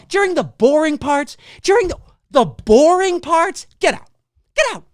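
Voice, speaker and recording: A man hosting a live movie talk show, ranting in exasperation, repeating rhetorical questions, swearing and bursting into shouts. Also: very high voice, expressive, moderate pace, no room sound, studio quality. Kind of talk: ranting solo commentary.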